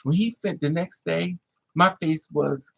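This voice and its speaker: A man vlogging, telling a personal story in an animated, emphatic way with plenty of swearing. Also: a little high, unhurried, gravelly, slightly rough, poor audio.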